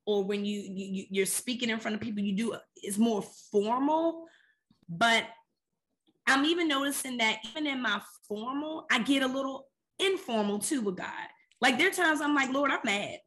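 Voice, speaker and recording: A woman's voice: a little high, moderate pace, fairly bright tone. A woman co-hosting a faith podcast, talking about prayer in an earnest, conversational and emphatic way. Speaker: podcast co-host.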